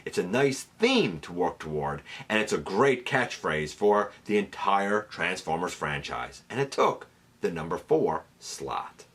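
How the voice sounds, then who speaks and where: A man's voice: low-pitched, sing-song, a little slow, a bit bright, husky. Male host for a fan countdown video, chatty and upbeat, voice that swings widely up and down, casual with plenty of fillers. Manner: chatty and enthusiastic, with fillers and restarts. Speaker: host counting down a top ten list. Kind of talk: casual fan commentary to camera.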